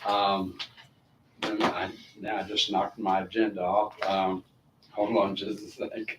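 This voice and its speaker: A man's voice: sits low, flat delivery, measured pace. Rambling man chairing a meeting. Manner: rambling, apologetic, friendly. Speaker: committee chair. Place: council meeting room. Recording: echoey room, distant mic, faint hiss.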